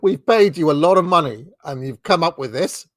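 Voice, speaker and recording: Lively dry-toned man over a video call. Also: on the high side, no echo. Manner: dry, mocking, quick to laugh. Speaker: podcast co-host. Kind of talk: casual chat reacting to adverts. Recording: dry close sound.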